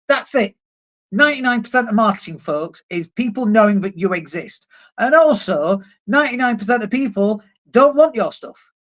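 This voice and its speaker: A man and marketing coach, talking casually on a livestream. He is blunt and emphatic and swears now and then. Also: sits high. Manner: blunt, emphatic, swears casually, mocks objections in put-on voices. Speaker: marketing coach and live streamer. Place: indoors at a computer, living in Spain.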